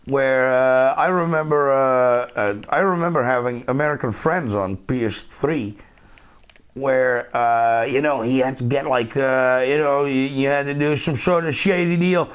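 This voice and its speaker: A man's voice: medium pitch, a little slow, clear, resonant tone. A man from the Netherlands with a Dutch accent, chatting casually and profanely as a streamer. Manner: laid-back, profane, laughs often. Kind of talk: casual chat while gaming.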